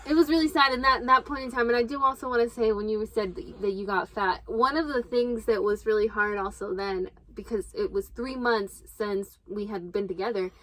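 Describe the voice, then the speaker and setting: A woman's voice: medium pitch, brisk, hardly any pauses, a bit bright, poor audio. A young woman chatting expressively and telling a story straight to her viewers. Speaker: co-host. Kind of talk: casual storytelling.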